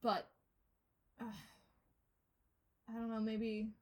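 Husky young woman chatting casually. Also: a little high, extremely slow. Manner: animated, reflective. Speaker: podcast co-host. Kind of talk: casual chat.

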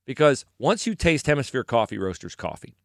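A man's voice: medium pitch, fairly quick, no room sound, studio quality. A middle-aged man hosting a podcast, chatting casually about sports and reading an ad, telling stories with frequent chuckles. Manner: animated, storytelling, chuckles often. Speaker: podcast host. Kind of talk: casual sports chat with ad read.

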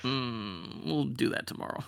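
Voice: medium pitch, animated, unhurried, vocal fry, clear, resonant tone, no room sound. A tabletop player talking in a laid-back way with dry humor. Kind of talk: casual tabletop game chat.

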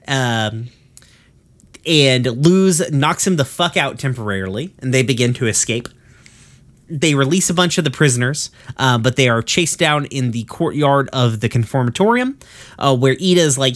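A man's voice: mid-range voice, expressive, moderate pace, a bit bright. Male podcast co-host with a mid-range voice. Casual, profane, rambling recapper who leans on a lot of fillers.

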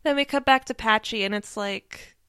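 A young woman co-hosting a podcast in casual chat, animated and laughing often. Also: fairly high pitch, normal speed, clean tone, no room sound. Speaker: podcast co-host.

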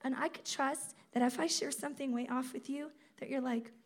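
A woman giving a sermon at a conference, conversational and animated, acting out quotes as she teaches. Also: high-pitched, a little fast. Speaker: speaker at a campus ministry conference.

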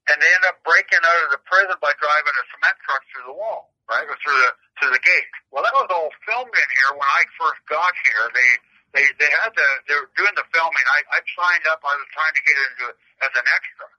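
A man's voice: on the high side, fairly quick, pushed and bright. A man who is a prison inmate, rambling through stories and crude jokes, stumbling and repeating words over a phone call. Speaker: prison inmate taking questions. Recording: muffled lo-fi phone line.

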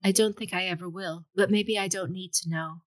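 A woman voicing a calm, distant young warrior woman who speaks in measured tones. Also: fairly low pitch, no room sound, lightly acted. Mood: gentle.

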